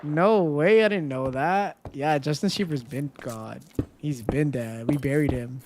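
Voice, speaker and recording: A live streamer chatting casually with viewers while playing, counting steps aloud and breaking into loud, dismayed outbursts when things go wrong. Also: medium pitch, measured pace, heavy background noise.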